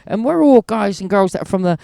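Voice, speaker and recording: A man's voice: high voice, expressive, fairly quick, vocal fry, mellow, no room sound, studio quality. A man talking as a guest in a casual interview, rambling and enthusiastic, full of restarts. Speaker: wrestling promoter, guest.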